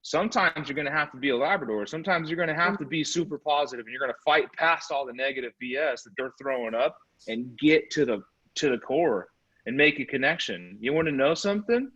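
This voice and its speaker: A man giving a motivational sales training talk, telling animated stories about his dog. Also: mid-range voice, brisk, breathy edge. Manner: animated, energetic storytelling. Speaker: real estate sales trainer. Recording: slightly muffled recording.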